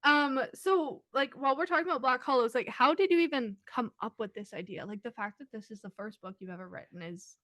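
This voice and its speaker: A woman's voice: on the high side, a little fast, few pauses, a bit bright, no echo. A woman hosting a casual book interview, eager and agreeing often as she asks her questions. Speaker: podcast host.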